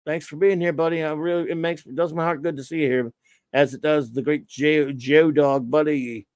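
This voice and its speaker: A man hosting a casual livestream, rambling and chatty as he greets viewers by name one after another. His voice sits a bit high for a man and sounds dry and close, with no room around it. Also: moderate pace, a little mellow, clear, resonant tone, dry recording. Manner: rambling, reads out viewer names and thanks them. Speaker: livestream host.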